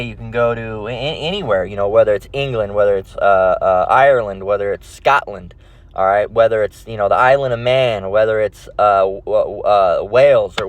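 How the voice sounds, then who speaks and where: A man's voice: mid-range voice, poor audio. A man giving informal scripture teaching in a loose, rambling way, constantly checking in with "all right" and "okay". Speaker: religious teacher.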